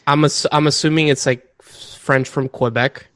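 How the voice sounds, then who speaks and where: A man's voice: a little high, fairly even intonation, normal speed, a bit bright, no room sound. A man co-hosting a podcast in casual chat, cutting in with jokey asides and calling his friend "dude". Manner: jokey interjecting, says "dude". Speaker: podcast co-host.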